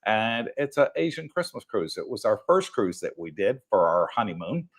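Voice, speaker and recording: A man's voice: fairly low pitch, sing-song, normal speed. An older man co-hosting a livestream, chatting casually with fillers and frequent laughs. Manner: laughs often, rambling with fillers. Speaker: livestream co-host. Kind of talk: casual chat. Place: home livestream.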